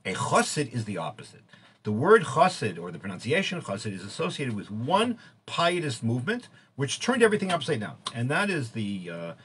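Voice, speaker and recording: A man giving an informal lecture, halting often with fillers and restarts as he explains. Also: mid-range voice, huge pitch swings, a bit bright, a little hiss or hum. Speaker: teacher.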